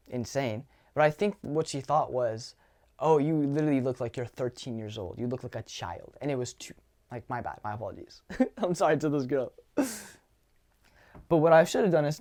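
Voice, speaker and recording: A young man talking casually as a dating coach, animated and swearing, acting out lines from his own conversations. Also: fairly high pitch. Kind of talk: casual advice monologue.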